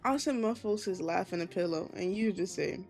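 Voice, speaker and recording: A woman's voice: on the low side, fairly quick, gravelly, music in the background. Sleepy young woman reading a game aloud. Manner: giggly, self-correcting, rambling asides. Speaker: streamer.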